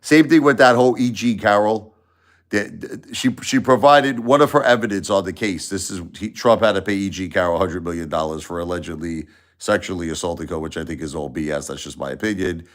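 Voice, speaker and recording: A man hosting a casual opinion livestream, rambling and repeating himself in an animated way. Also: low-pitched, brisk. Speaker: livestream host.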